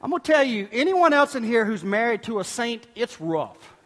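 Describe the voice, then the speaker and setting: A man with a high voice delivers a sermon from the pulpit. His delivery swings between forceful outbursts and soft, hushed asides. The church around him carries a long, ringing reverb. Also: moderate pace, a little hiss or hum. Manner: animated preaching, swinging from loud bursts to hushed tones. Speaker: pastor.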